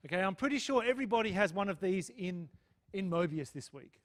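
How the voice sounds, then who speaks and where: A man's voice: high voice, lively intonation, brisk. A man lecturing on math to a live class, chatty, often checking in with "okay?" and "right?". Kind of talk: live lecture with student questions.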